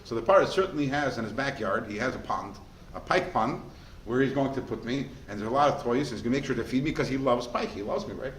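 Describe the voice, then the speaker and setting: A man voicing a hooked, dying pike in a low, muttering way, in an echoey room. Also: lively intonation, quick pace, lightly acted. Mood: hopeful. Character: dying fish, a hooked pike, hopeful then bitter. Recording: echoey room, faint background noise.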